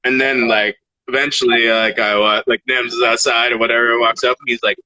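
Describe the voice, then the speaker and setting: A man from Canada, a guest rapper, telling casual stories in an animated, swearing way. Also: medium pitch, fairly quick, no room sound, lo-fi sound. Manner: animated, swearing, laughs between phrases. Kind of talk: casual storytelling.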